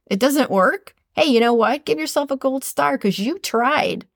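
A woman's voice: high-pitched, expressive, measured pace, dry recording, studio quality. A woman hosting a motivational podcast, speaking earnestly and repeating phrases for emphasis. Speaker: podcast host. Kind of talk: motivational monologue.

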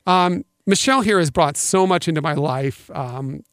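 A man's voice: a little high, moderate pace, fairly bright tone, no echo, clean studio sound. A man co-hosting a podcast, talking sentimentally and rambling with many ums. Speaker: podcast co-host. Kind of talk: casual podcast chat.

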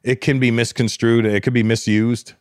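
A man in his fifties, a comedian host, chatting casually, animated and swearing as he tells stories. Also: mid-range voice, moderate pace, dry recording, studio quality. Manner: animated, swearing, laughs while telling stories. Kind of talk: casual chat.

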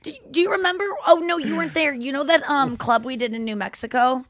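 A woman co-hosting a casual comedy podcast, telling profane, lively stories with acted-out quotes. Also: sits high, fast, dry recording, clean studio sound. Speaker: podcast co-host; stand-up comedian.

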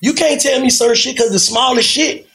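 A man with a fairly high speaking voice co-hosts a casual roundtable podcast. He talks bluntly and with plenty of profanity. He acts out little quotes as he makes his points. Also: fairly quick, a bit bright. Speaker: podcast co-host.

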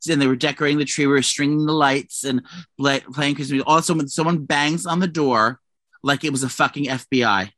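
A man's voice: a little high, steady tone, fast, a bit bright, no room sound. A man co-hosting a casual gossip podcast, telling a profane, rambling story full of restarts. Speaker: podcast co-host.

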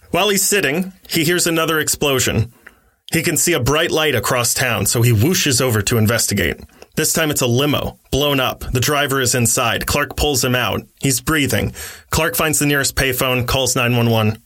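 Brief: podcast host, male, bright and lively narration. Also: medium pitch. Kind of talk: casual story retelling.

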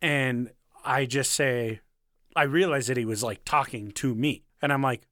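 A man's voice: mid-range voice, moderate pace, bright, forceful tone, no room sound, clean studio sound. A young man co-hosting a casual podcast, telling a story with lots of swearing, laughing and self-mockery. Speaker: podcast co-host.

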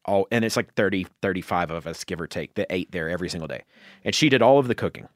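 A chef from the Southern United States, appearing as a podcast guest, rambles through long explanations packed with fillers in casual conversation. His voice sits low and moves fast, with no room sound.

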